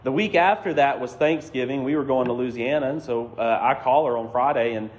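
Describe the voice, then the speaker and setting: A man's voice: mid-range voice, fairly quick. A man preaching a sermon as a conversational, self-deprecating story. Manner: conversational, self-deprecating, acts out quoted voices. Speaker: pastor.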